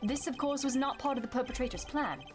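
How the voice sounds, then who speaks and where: A woman voicing a calm, methodical male prosecutor laying out deductions. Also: high voice, natural voice. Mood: deducing. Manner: measured, deductive. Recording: game music behind the voice.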